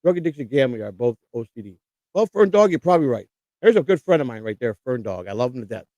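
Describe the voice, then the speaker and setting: A man's voice: medium pitch, sing-song, fast talker, mellow, no room sound. Man reading his viewers' comments aloud. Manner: rambling, reads viewer comments aloud and answers them; blunt street-tough talk with swearing. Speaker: livestream host. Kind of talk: casual live chat reading.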